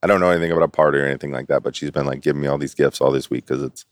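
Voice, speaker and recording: A middle-aged man telling stories as an interview guest in casual chat, animated and laughing often. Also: very deep voice, rapid-fire, no echo, studio quality. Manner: animated storyteller who acts out quotes and laughs often.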